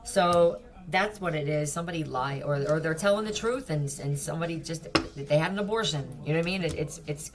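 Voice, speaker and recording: A woman's voice: low-pitched, a little fast, hardly any pauses, a crowd in the background. A woman giving a casual tarot reading, blunt, profane and mocking. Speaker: tarot reader.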